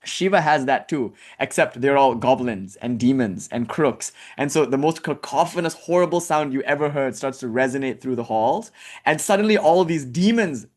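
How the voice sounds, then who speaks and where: A man's voice: medium pitch, normal speed, darkish tone. A man giving a casual storytelling lecture, chatty, with frequent fillers and asides.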